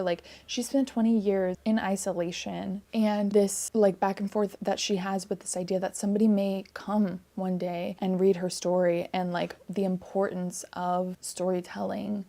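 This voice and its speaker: An earnest woman talks through a novel she loved in a casual book vlog. Her mid-pitched voice carries a steady gravelly fry, and she sounds thoughtful and reflective, leaning on "like" as she goes. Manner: earnest and reflective, heavy use of "like". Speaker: book reviewer.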